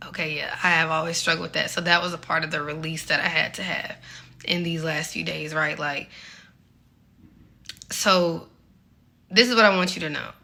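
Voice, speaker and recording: Bright-voiced young woman, slightly breathless. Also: sits low, creaky. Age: 20s. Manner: candid, earnest, encouraging, many "like" fillers. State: a little out of breath. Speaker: faith vlogger. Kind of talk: casual faith talk to viewers.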